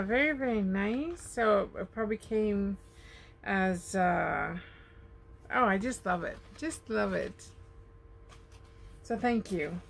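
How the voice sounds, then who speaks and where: A woman's voice: medium pitch, gravelly, slight background noise. A woman chatting casually as she unboxes gifts in her RV, gushing over each item. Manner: gushing, slow, lingering on her words. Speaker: vlogger. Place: home in an RV.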